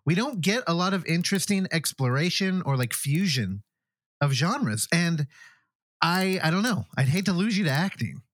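Male host, lively pitch, dry close mic, enthusiastic and profane. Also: normal speed, dry recording. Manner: enthusiastic, swears freely. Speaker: podcast host. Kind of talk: casual interview chat.

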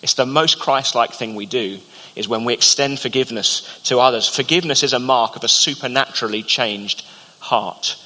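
A man preaching a sermon as pastor, earnest and measured, with slow emphatic pauses. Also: medium pitch, pushed and bright. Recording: long hall reverb.

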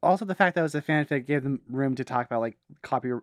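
A man co-hosting a casual podcast chat, relaxed and quick to laugh. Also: mid-range voice, no echo, clean studio sound. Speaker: podcast co-host.

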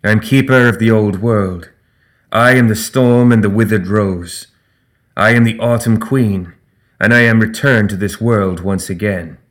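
A man's voice: on the low side, close to an everyday voice. Titania, a man voicing a solemn fae queen. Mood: imperious. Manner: slow, solemn, regal delivery. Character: ancient fae queen, commanding and grave.

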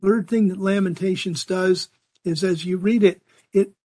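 A man's voice: sits high, fairly even intonation, unhurried, darkish tone. An older man teaching a Bible lesson in an earnest, conversational way, often restarting his sentences.

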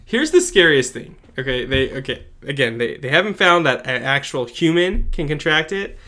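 A man co-hosting a casual podcast, reading a news story aloud with jokey asides and halting fillers. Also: on the high side, big pitch swings, pushed and bright. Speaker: podcast co-host.

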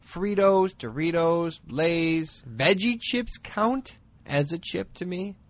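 A man's voice: a little high, slow pace. A man co-hosting a casual podcast chat, jokey and rambling, often laughing. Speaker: podcast co-host.

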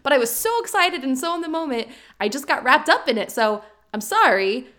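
A woman co-hosting a podcast, earnest and quick when she gets excited, in casual chat. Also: high-pitched. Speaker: podcast co-host.

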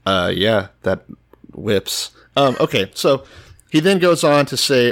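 A man co-hosting a podcast in casual chat, blunt and crude with a deadpan edge. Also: mid-range voice, slow. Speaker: podcast co-host.

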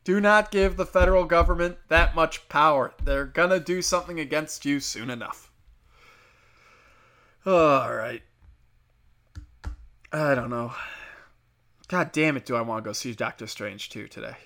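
A man with a slightly high, bright and forceful voice rants alone to his listeners. He swears freely and wanders from one gripe to the next in a loose, offhand way. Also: unhurried, long pauses. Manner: crude, profane, rambling rants. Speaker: podcast host. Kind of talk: casual solo monologue.

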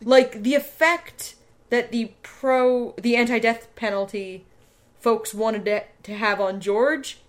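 Woman co-host with a higher voice. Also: steady tone, slow. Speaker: podcast co-host. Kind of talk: casual chat recapping a TV show.

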